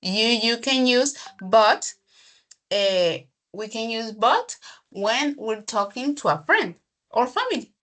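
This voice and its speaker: A woman teaching an English grammar class, explaining slowly, repeating herself and checking in with the student. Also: on the high side, lively intonation, a bit bright.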